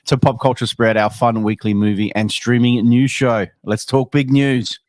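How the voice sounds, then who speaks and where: A man's voice: mid-range voice, steady tone, moderate pace, a little mellow, slight background noise. Upbeat man hosting a movie news chat. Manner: upbeat, short agreeing replies. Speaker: host. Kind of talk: casual chat.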